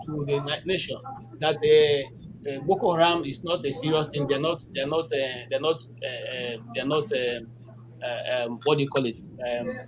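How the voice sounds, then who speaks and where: A man arguing with rhetorical questions, often stammering and searching for words. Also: a little high. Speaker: discussion participant. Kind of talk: online group discussion. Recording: noisy background hiss.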